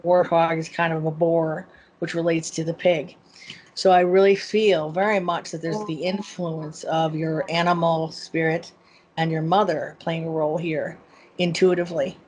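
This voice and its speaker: A woman explaining a tarot spread in a measured, thoughtful way, reading its meaning intuitively. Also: deep voice, level tone, darkish tone, a little hiss or hum, rough recording. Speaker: tarot expert guest.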